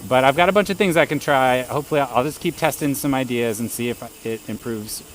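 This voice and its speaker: A man's voice: mid-range voice, brisk, slight background noise. A man chatting casually on a live stream while riding a bike outdoors, laughing often and greeting viewers. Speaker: bike livestreamer. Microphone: camera rig on the bike.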